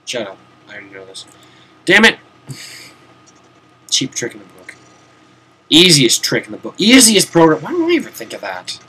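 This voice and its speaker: A man's voice: medium pitch, huge pitch swings, fast, bright, forceful tone, husky. A young man giving casual, rambling commentary while playing a video game, swearing now and then, talking to himself and sounding a bit tired. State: tired, yawning. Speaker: VTuber game streamer. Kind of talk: casual let's-play commentary. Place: home room, seated at a desk.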